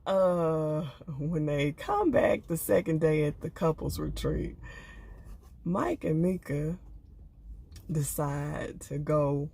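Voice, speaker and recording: A woman's voice: low voice, vocal fry, slightly rough. An older woman, giving casual commentary on a reality show with sassy, laughing asides. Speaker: reality TV reviewer.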